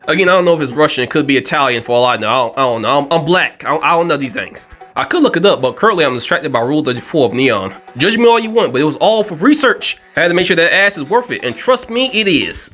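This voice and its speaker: A man riffs quickly through a casual comedic rundown. His delivery is animated and joking, and he often leaps up in pitch to land a point. Faint music plays underneath. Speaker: video commentator.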